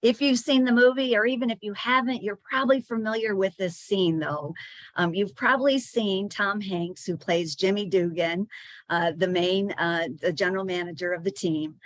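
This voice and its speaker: A woman's voice: mid-range voice, moderate pace, no room sound. A woman giving a chatty presentation to sales leaders, with frequent fillers and small restarts.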